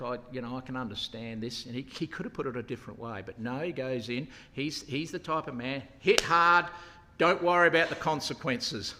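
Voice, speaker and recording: A man preaching a sermon, animated, acting out the lines of the people in the story with a raised voice. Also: mid-range voice. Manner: animated, acts out quotes with raised voice. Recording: long hall reverb.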